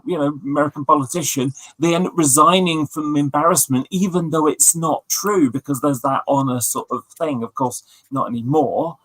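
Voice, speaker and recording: A man's voice: on the high side, moderate pace, fairly bright tone, dry recording, low-quality recording. A man chatting casually on a livestream with friends, telling long stories full of fillers and asides. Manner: rambling, storytelling with many fillers. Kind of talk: casual chat.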